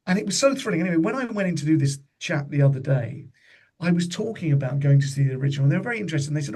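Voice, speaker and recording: A man's voice: fairly high pitch, expressive, fast, gravelly, darkish tone, slightly rough. A man in his fifties, a comedian guest on a podcast, telling chatty anecdotes and slipping into the voices of people he quotes. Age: 50s.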